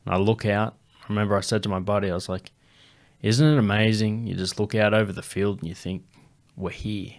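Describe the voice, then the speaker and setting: A man impersonating a laid-back male country singer, with an American Southern accent and a slow drawl. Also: lowish voice, steady tone, lightly acted.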